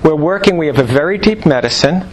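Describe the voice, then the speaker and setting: A man giving a live lecture to practitioners, animated and jokey, firing rhetorical questions at the room. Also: a little high, fast talker, a little hiss or hum, poor audio. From New York. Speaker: lecturer on Chinese medicine.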